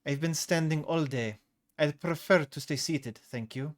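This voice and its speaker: A man voicing a weary young woman on a bus, speaking in a flat, firm, curt manner. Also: a little high, measured pace, natural voice. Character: fierce young female bus rider, fed up.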